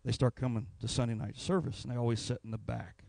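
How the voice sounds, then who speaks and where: A man's voice: medium pitch, steady tone, fast talker, vocal fry, no room sound. A man preaching a sermon in a church, telling a personal story. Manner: storytelling, rising to anguished shouts. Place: church sanctuary.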